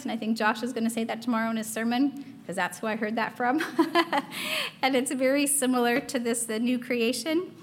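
A woman's voice: fairly high pitch, moderate pace, a little hiss or hum. A young adult woman giving a casual devotional talk, earnest, reading quotations aloud with frequent fillers.

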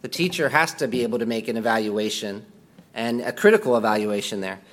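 A man's voice: on the low side, lively intonation, a little fast. A man teaching a Bible class in a conversational way, reading quotations aloud and commenting on them.

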